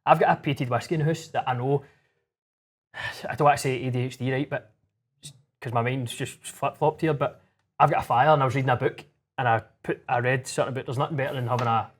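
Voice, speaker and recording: A Scottish man co-hosting a casual podcast chat over whisky in a lounge, telling stories in quick bursts and swearing freely. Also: mid-range voice, fairly even intonation. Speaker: podcast co-host.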